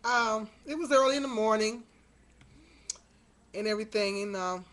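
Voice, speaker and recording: A middle-aged woman vlogger talks casually to her webcam, rambling through a story with plenty of fillers and audible exasperation. Her voice is on the high side and fairly bright, at normal speed, picked up by the webcam mic.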